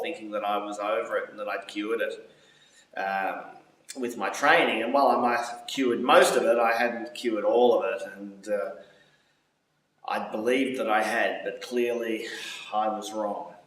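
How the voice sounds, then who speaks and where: A man telling a vivid personal story, swearing and swinging his pitch as he acts out his own panicked thoughts. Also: a bit bright, distant mic. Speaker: storyteller recounting a seizure. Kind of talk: personal story told aloud. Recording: very echoey room, voice away from the mic.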